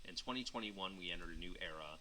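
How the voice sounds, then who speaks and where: A man speaking calmly and earnestly as a dog trainer in a clip. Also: low voice, fast talker, slight background noise, rough recording. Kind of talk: calm spoken commentary.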